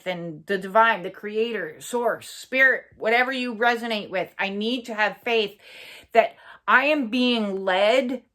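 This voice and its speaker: A woman giving an earnest, reflective personal monologue for her own channel. She pauses often, fills gaps with "uh" and swears bluntly for emphasis. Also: mid-range voice, pushed and bright. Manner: earnest, halting, many fillers and pauses. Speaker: spiritual channel host.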